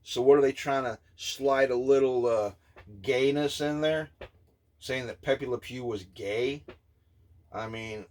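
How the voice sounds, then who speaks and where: A man in his fifties giving an indignant, scornful opinion rant, blunt and halting, with many filler pauses. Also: medium pitch, a little mellow. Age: 50s. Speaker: vlogger.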